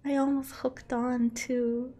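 A woman's voice: sits high, flat delivery, slow. Giggly woman streamer chatting with chat. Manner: giggly, reads chat aloud and answers playfully; yelps and grunts while playing. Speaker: streamer playing a climbing game. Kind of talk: casual live-stream chat.

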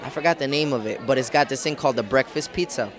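A man's voice: mid-range voice, fast. A man competing on a singing show, chatting casually in an interview with laid-back slang and lots of "like" and "dude". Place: outdoors at a studio lot.

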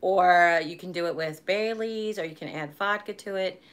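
A woman's voice: on the low side, moderate pace, smooth. A woman in her forties chatting casually on a live stream, rambling and laughing easily. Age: 40s. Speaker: vlogger hosting a live stream.

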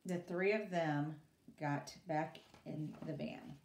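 Slow, expressive woman reading a story aloud. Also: low-pitched, a little hiss or hum. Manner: expressive, pausing for students' questions. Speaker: teacher. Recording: roomy, from away from mic.

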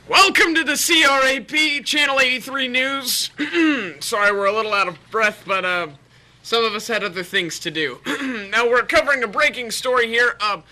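A man playing a stiff, pompous 1980s news anchor in a spoof comedy sketch, clearing his throat and announcing formally. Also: very high voice, animated, moderate pace, pushed and bright, voice pushed up, full character voice.

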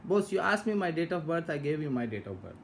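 A man chats casually on a phone call, teasing the person on the other end and pretending to be confused. His voice sits a little high. A faint hum runs behind him. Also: big pitch swings, fast, gravelly. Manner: teasing, playing dumb. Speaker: scam-baiting vlogger.

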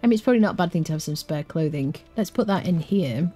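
A woman giving casual gameplay commentary, excitable and humming little tunes as she plays. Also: fairly low pitch, fast talker, soft background music. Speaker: gameplay streamer.

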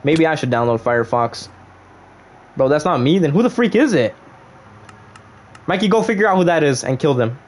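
A man's voice: fairly high pitch, lively intonation, normal speed, pauses often. Playful young man streaming a game. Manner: playful slang-heavy banter, jumps between loud outbursts and mock-solemn murmurs. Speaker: gaming livestreamer. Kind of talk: casual livestream commentary.

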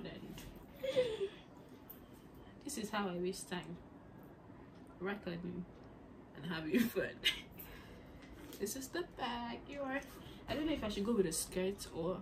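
A woman vlogging in a casual, chatty way, giggling and often half-whispering. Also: mid-range voice. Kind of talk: casual vlog chat. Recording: noisy background ambience.

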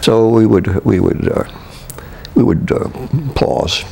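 An older man from Canada looks back on his years on stage. He speaks in a deep, gravelly voice, stopping and restarting his sentences and chuckling as he remembers. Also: a little mellow. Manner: halting, with many restarts and chuckles. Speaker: interviewee, veteran stage actor. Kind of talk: reminiscing interview.

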